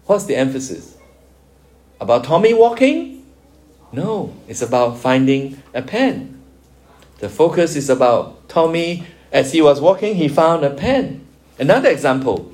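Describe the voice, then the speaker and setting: A man's voice: mid-range voice, darkish tone. A man preaching a sermon, explaining scripture with everyday examples and lifting his voice for emphasis. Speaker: pastor.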